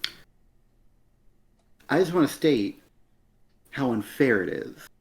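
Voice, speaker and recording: Soft-spoken man with a strained voice. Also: mid-range voice, big pitch swings, takes it slowly, vocal fry. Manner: speaks softly, rambling with many fillers. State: strained voice from a lingering illness. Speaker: co-host of a comic review stream. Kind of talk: casual chat.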